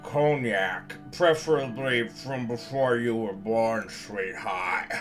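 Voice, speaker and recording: A man's voice: mid-range voice, slow, soft background music, lightly acted. A man voicing a smug, portly older male business tycoon, drawling and patronizing as he talks. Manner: drawling, self-satisfied, patronizing.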